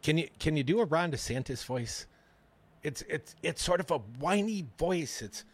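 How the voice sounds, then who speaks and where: A man's voice: fairly high pitch, moderate pace, husky. A man hosting a radio talk show, joking around in casual banter. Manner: lively, jokey, mock-whiny impressions.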